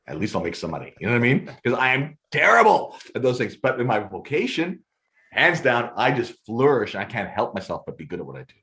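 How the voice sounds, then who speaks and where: Talking fast in a voice on the low side, the man is a podcast guest who works as a photographer and tells stories. He's lively and theatrical, often laughing as he acts out scenes.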